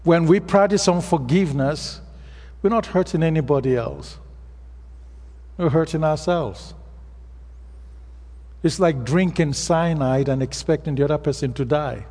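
A man's voice: a little high, measured pace, long pauses, a little mellow. A man with an African accent, a pastor preaching a sermon and telling stories in a plain, earnest way. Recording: long reverb of a hall.

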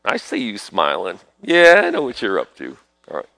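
A man's voice: lowish voice, huge pitch swings, moderate pace, pushed and bright, dry recording. A man preaching at an altar call, calling people forward and praying over them in sudden fervent bursts. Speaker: preacher leading prayer ministry.

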